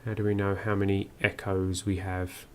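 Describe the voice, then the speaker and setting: A man's voice: deep voice, completely flat delivery, moderate pace, slight background noise. A man giving first-play game commentary, musing aloud and reading on-screen text as he goes. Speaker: game streamer.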